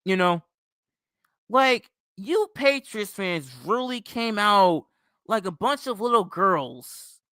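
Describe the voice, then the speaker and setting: A man with a high, sharp voice tears into his target in a heated, profane comedic rant. He circles back to the same jabs again and again in a mocking tone. The sound is close and dry, with no room around it. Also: animated, takes it slowly, smooth, no echo. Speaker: comedic ranter.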